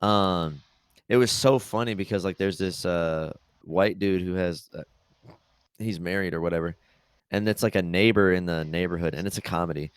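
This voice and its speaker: A man's voice: deep voice, normal speed, smooth, no room sound. A man co-hosting a podcast, telling rambling, profanity-laced stories in casual chat. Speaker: podcast co-host.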